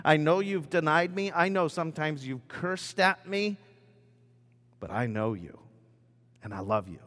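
God, gentle and reassuring, as a pastor puts him on. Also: male voice, a little high, expressive, unhurried, big-room sound. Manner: soft and reassuring. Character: God speaking tenderly to a struggling person.

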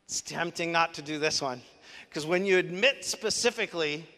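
Male pastor, emphatic sermon delivery, bright tone, long hall reverb. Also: a little high, moderate pace. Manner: animated, emphatic teaching with rhetorical questions.

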